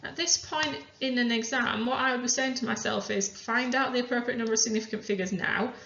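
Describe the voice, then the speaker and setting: A woman chemistry teacher calmly talking through worked examples step by step. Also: fairly high pitch, brisk, gravelly. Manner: methodical, talks through each step aloud. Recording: roomy, dull lo-fi sound.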